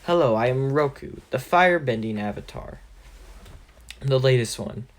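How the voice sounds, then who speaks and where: A man voicing a polite, dignified older sage who speaks formally and softly in a fan-made story. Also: mid-range voice, expressive, normal speed, close to an everyday voice.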